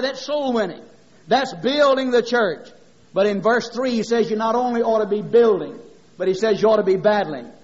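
A middle-aged man preaching a sermon, impassioned and rhythmic, mixing scripture with homespun stories. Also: very high voice. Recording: dull lo-fi sermon recording.

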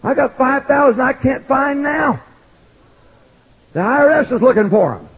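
Husky older man preaching in a big sanctuary, pitch running high and all over the place; muffled, dull recording. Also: lively intonation, moderate pace. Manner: swings from shouted pleading to quiet joking asides. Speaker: pastor. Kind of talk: evangelistic sermon. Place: large church sanctuary.

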